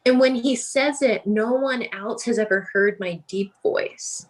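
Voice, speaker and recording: A woman guest on a podcast, chatting casually and telling lively stories with frequent laughs. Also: on the high side, unhurried. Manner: laughs often, animated storytelling. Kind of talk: casual chat.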